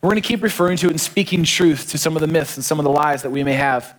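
A man's voice: fairly high pitch, fast. A man, preaching a conversational sermon and telling family stories. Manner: conversational, storytelling, varied emphasis. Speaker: pastor.

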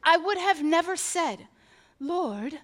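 A woman delivers a sermon in a high, bright voice. She reads scripture and then retells it with animated, humorous storytelling. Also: measured pace. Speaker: preacher.

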